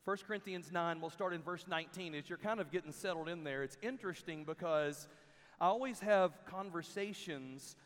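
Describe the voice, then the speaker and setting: A man preaching a sermon to a crowd in a large hall, telling stories in an animated way and acting out the people he quotes. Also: a little high, normal speed. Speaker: camp speaker. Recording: long hall reverb.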